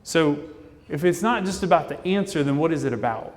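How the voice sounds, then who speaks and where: A man giving a fast, casual, jokey conference talk from a stage. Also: a little high, lively intonation. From Indianapolis, Indiana, US. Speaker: conference speaker. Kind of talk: keynote presentation. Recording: long reverb of a conference hall.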